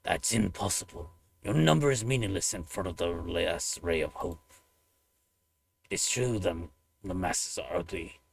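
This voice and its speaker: A man voicing a deep, gravelly warrior monk. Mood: resolute. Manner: solemn, formal, deliberate speech. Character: loyal warrior monk man, solemn and devoted. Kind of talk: reading game dialogue aloud.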